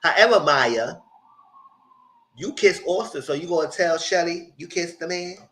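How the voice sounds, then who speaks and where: A man giving a casual, animated live recap of a reality show, full of quoted asides. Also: fairly high pitch, moderate pace, low-quality recording.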